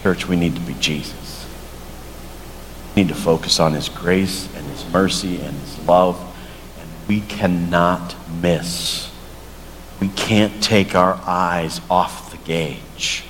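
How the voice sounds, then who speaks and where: Slow earnest male pastor, reverberant church. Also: low-pitched, fairly even intonation, a bit bright. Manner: slow, earnest storytelling and prayer. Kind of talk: sermon. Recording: long church reverb, faint noise.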